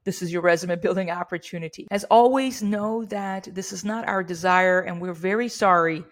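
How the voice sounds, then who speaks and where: A middle-aged woman speaks as a business owner coaching her employees. Her delivery is earnest and steady, the tone of someone who has handled hundreds of hard calls. She lightly acts out polite customer-service phrases to show how it's done. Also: lowish voice, moderate pace. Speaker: business owner training staff. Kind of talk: workplace training talk.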